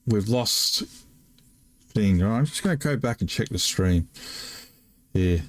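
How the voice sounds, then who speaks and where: A man's voice: fairly low pitch, animated, measured pace. An older man from the UK commentating on his live game stream, puzzled, talking to himself in broken half-sentences. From United Kingdom. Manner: baffled, muttering to himself with trailing half-sentences. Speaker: gaming streamer.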